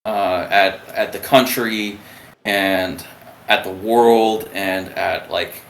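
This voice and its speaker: A man's voice: low-pitched, steady tone, takes it slowly, fairly bright tone. A young man in his twenties, a submariner, telling his story as an interview guest in a rambling way, full of fillers and restarts. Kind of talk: casual conversational storytelling. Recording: roomy echo, faint background noise.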